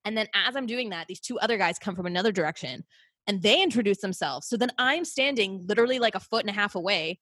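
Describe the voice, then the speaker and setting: A young woman hosting a casual podcast, rambling through stories with plenty of fillers and self-corrections. She speaks at a mid pitch for a woman. The sound is dry and close, with no room around it. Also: animated, quick pace, fairly bright tone, no echo. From Canada. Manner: rambling storyteller, lots of fillers and restarts. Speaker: podcast host. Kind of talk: casual chat.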